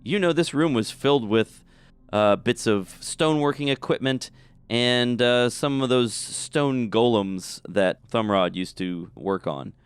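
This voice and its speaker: A man running a tabletop game as game master, narrating scenes and calling for rolls in an easygoing, relaxed way. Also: mid-range voice, measured pace, clear, resonant tone, no room sound.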